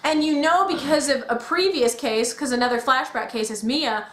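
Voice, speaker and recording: A woman chatting casually as a podcast co-host, acting out quotes with big jumps in pitch. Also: normal speed, a bit bright. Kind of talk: casual chat about video games. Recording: echoey room.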